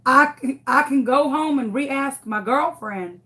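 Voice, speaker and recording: A woman's voice: high voice, a little slow, sharp tone. A young woman telling a story in a casual, dramatic way, acting out the voices of the people in it. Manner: dramatic, exaggerated retelling with quoted voices. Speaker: craft vlogger.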